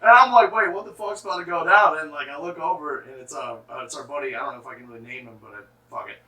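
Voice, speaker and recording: A man's voice: on the high side, quick pace, pushed and bright, far from the mic. A young adult man telling stories casually, swearing freely and filling his talk with "like.". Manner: loose, profane, fills with 'like'. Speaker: musician guest. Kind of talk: casual storytelling. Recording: echoey room, mic from afar.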